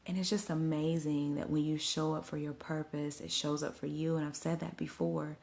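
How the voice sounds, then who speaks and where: Low, gravelly-voiced woman livestreaming. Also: flat delivery, normal speed, a little mellow. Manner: chatty storytelling, speaks directly to viewers. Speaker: event host and live streamer. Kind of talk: casual livestream recap. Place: at home at night. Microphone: phone livestream.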